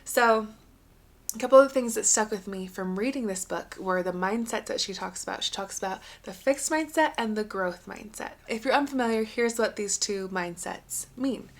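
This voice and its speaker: A woman's voice: mid-range voice, moderate pace. A young adult woman hosting a solo podcast, talking in an earnest, encouraging, conversational way. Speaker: podcast host.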